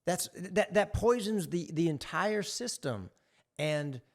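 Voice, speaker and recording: A man's voice: high-pitched, expressive, slow pace. A man talking earnestly and with passion as a guest on a podcast. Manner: earnest, impassioned. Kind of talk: casual conversation.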